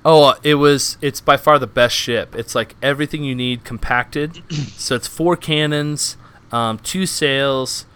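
A man's voice: mid-range voice, unhurried, fairly bright tone, clear, resonant tone. A man hosting a casual gaming podcast, chatting with enthusiasm. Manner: enthusiastic, upbeat sign-off. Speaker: podcast host.

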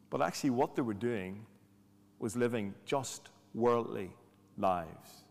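A man preaching a sermon in a conversational way, with rhetorical questions and dry humor. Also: mid-range voice. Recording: long hall reverb.

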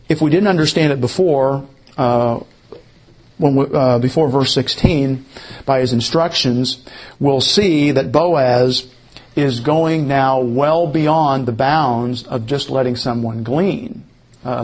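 A man with a husky, mid-range voice teaching a Bible lesson verse by verse. He talks the class through a sketch of the scene, often restarting his sentences. His tone stays plain and explanatory. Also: medium pitch, measured pace. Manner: explains while pointing at a drawing, with frequent restarts.

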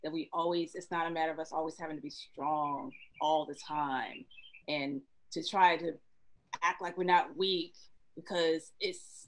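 Choked-up woman therapist, lowish voice. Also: poor audio. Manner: emotional, choked up, earnest. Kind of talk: panel discussion.

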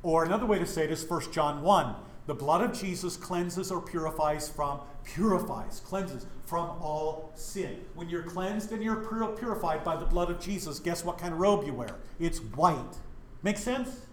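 A man's voice: a little high, normal speed, echoey room, slight background noise. A middle-aged man from Wyoming, a pastor teaching a Bible study in a church, who keeps asking his listeners questions. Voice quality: animated, questioning the audience.

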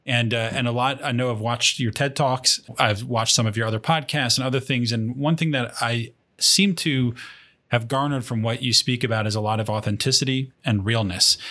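A man's voice: medium pitch, sharp tone. A man hosting a podcast interview, asking conversational, thoughtful questions. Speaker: podcast host.

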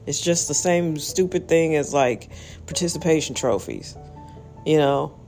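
A woman hosting a podcast, giving a blunt, emphatic opinion monologue that jumps into sudden high exclamations. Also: animated, a little slow, mellow, faint music behind. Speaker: podcast host.

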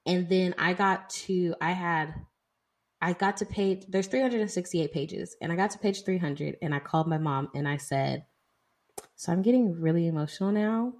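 Young woman co-host with a lowish voice, chatty and loose in a casual book talk. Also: normal speed. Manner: chatty, heavy use of "like" and "y'all". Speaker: podcast co-host.

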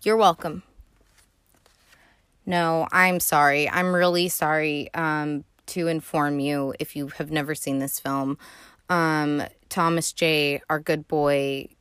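A young woman hosting a podcast, recapping a film in a casual, profane, animated way with sassy asides. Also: low voice, slow pace, clear, resonant tone, dry recording, studio quality. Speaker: podcast host.

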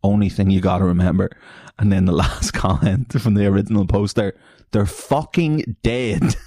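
A podcast host with a lowish voice rants through internet comments, swearing freely and laughing at them. He often jumps up into squeaky mocking voices, and the sound is close and dry with no room around it. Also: level tone, brisk, mellow, breathy edge, dry recording. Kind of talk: solo podcast commentary reading online posts.

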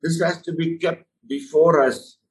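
A man's voice: a little high, fairly even intonation, measured pace, far from the mic, poor audio. A man preaching a sermon, earnest and emphatic, often calling the listener "my friend".

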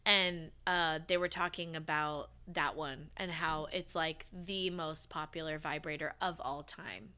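A woman co-hosting a casual podcast chat, chatty, full of fillers and quick to laugh. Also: sits low, steady tone, pushed and bright, clean tone. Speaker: podcast co-host.

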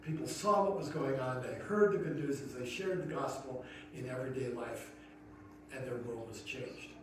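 Pastor preaching in an echoey church hall. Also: male voice, mid-range voice, moderate pace. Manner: storytelling, earnest, rising to emphatic questions. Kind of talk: sermon. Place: church sanctuary. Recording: echoey hall from far off, noisy.

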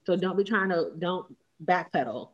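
A woman co-hosting a podcast in casual chat, blunt and animated, quick to laugh at herself. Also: on the low side, lo-fi sound. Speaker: podcast co-host.

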